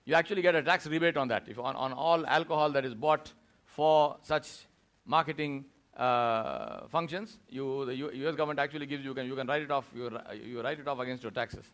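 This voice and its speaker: An Indian man gives a Friday sermon in a mosque, his mid-range voice moving fairly quickly. He's an animated storyteller, acting out the voices of the people in his tale.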